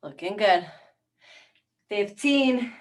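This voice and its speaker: A woman's voice: medium pitch, extremely slow, recorded from a distance. Woman coaching a workout, off-mic. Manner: encouraging counting cues, calm coaching. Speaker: fitness instructor. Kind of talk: guided workout class.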